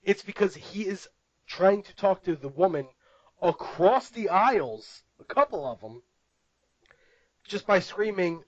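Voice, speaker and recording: A male podcast co-host tells a story in casual conversation, laughing a lot and acting out what people said with real animation. He has a high-pitched voice, takes his time with long pauses, and the lo-fi recording carries no room sound.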